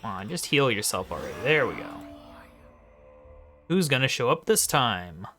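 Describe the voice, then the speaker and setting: Male let's-play host, muttered asides, lively pitch, faint game music. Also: normal speed. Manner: mumbles quiet asides, sometimes whispers. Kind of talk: casual gameplay commentary. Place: at home late at night.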